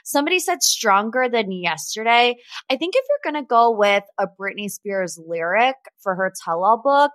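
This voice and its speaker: Brief: female podcast host, chatty and gossipy, bright tone, dry close recording. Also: a little high, animated, normal speed, no room sound. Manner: chatty, gossipy, sarcastic asides. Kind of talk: casual pop culture chat.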